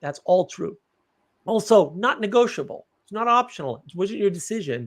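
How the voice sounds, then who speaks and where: A man's voice: high-pitched, expressive, normal speed. A man hosting a live stream, rambling through personal stories in casual chat with blunt remarks and casual swearing.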